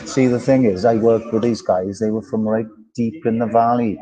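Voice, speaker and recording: A man's voice: on the low side, steady tone, normal speed, few pauses, music in the background, poor audio. A man co-hosting a casual livestream, greeting viewers by name and bantering in a jokey, sweary way. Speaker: livestream co-host. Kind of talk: casual live-stream chat reading comments. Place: outdoors in a park.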